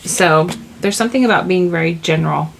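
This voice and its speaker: A woman talks through a spiritual tarot reading in a relaxed, wandering way. Her voice sits slightly low with a gravelly fry. There is a faint hiss of noise behind her as she searches for words between frequent "likes.". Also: a little fast, rough recording. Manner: rambling, searching for words, full of "like" and "you know". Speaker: tarot reader.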